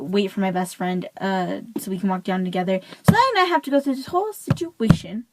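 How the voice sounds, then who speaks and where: A woman's voice: fairly high pitch, a little hiss or hum, poor audio. A teenage girl telling a school story in a casual rant, peppering every phrase with "like.". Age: teens. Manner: chatty, says "like" constantly, animated. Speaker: vlogger.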